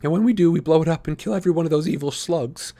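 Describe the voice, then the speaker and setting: A determined teenage boy, voiced by a man reading aloud. He sounds higher than the reader's own voice and fierce and earnest. He speaks with firm resolve. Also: racing, dark tone.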